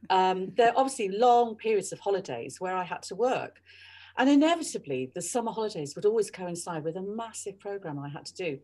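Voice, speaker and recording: A middle-aged woman tells stories from her radio career with animated energy. Her voice is husky and her pitch leaps around expressively. It is a relaxed podcast interview. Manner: animated, mimics colleagues' voices. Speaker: guest, radio journalist. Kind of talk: storytelling interview chat.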